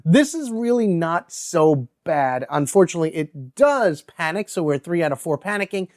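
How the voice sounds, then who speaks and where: A man hosting a solo board game playthrough, chatting as he thinks out loud and reads card text aloud. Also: fairly high pitch, big pitch swings, normal speed. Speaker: host.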